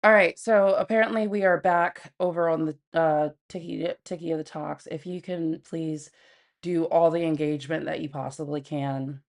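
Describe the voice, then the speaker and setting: A woman's voice: low-pitched, steady tone, normal speed. A woman hosting a casual livestream from home, blunt and profane, often laughing as she talks to her viewers and her pet. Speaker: livestream host.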